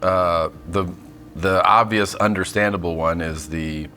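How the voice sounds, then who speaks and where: A man with a very deep yet bright, forceful voice, spinning casual stories in a deadpan, matter-of-fact way. He breaks into laughter often as he talks. Soft music plays in the background of the studio. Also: measured pace. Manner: laughs while telling stories. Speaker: guest comedian. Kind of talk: casual storytelling interview. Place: kitchen studio.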